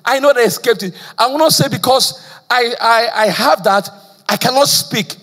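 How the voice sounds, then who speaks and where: A man's voice: very high-pitched, normal speed, a bit bright. A male pastor from Nigeria preaching a sermon with call-and-response questions, a slight stammer and frequent "praise the Lord.". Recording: long church hall reverb.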